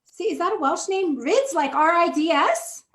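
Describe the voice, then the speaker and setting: A woman's voice: very high-pitched, expressive, moderate pace, fairly bright tone. A woman hosting a live cooking stream, chatty and laughing easily as she works. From United States. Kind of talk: casual live-stream chat. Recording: roomy echo.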